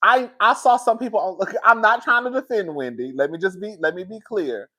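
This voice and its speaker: A woman talking casually to her viewers on a live stream, reading their comments and getting loud and excited when she is worked up. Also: a little fast. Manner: animated, swings high and loud when worked up.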